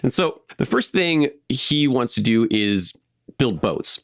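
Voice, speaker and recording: A man co-hosting a podcast, telling a history story in a casual, animated way with frequent fillers. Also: mid-range voice, slow pace, no room sound, studio quality. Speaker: podcast co-host.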